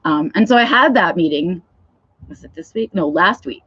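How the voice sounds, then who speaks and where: A woman's voice: on the low side, expressive, moderate pace, a bit bright, husky, dry recording, lo-fi sound. A woman talking frankly in a live vlog, swearing freely and often checking in with "right?". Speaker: vlogger. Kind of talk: candid livestream talk.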